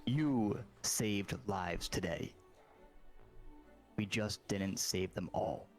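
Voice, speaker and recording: Male player, slow and low, dry humor. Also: faint music behind. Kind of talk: casual tabletop game play.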